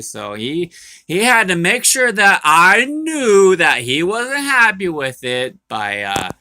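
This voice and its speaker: A man's voice: mid-range voice, pushed and bright. A man who drives trucks, recounting his day in a casual, folksy, rambling way with lots of restarts, talking from home. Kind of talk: casual storytelling vlog. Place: indoors at home.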